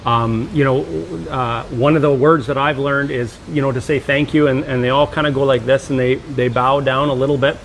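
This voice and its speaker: A man co-hosting a live stream in casual chat, relaxed and halting, often restarting his sentences. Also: mid-range voice, slight background noise, low-quality recording.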